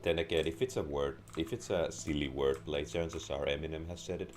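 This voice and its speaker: A young man with a sore throat and a deep, raspy voice, giving deadpan gameplay commentary. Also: brisk. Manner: deadpan, crude jokes. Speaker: gamer. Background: faint game music and keyboard typing.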